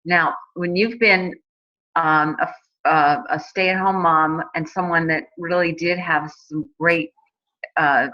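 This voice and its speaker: Woman, 40s, casual testimonial, chatty with restarts; lowish bright voice, muffled lo-fi sound. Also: steady tone, takes it slowly. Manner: chatty, many fillers and restarts. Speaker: guest telling her story. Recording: dull lo-fi recording.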